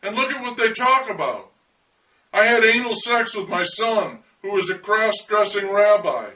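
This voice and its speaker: An actor playing an earnest, eccentric man devoted to listening for alien life, confiding in a wry, deliberate monologue. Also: high-pitched, lively intonation, pushed and bright, far from the mic, poor audio.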